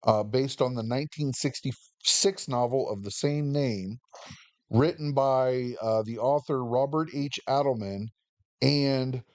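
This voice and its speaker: A man's voice: medium pitch, a little slow, dry recording. A man co-hosting a podcast, chiming in with background facts and slangy, joking remarks. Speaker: podcast co-host. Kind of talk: casual chat.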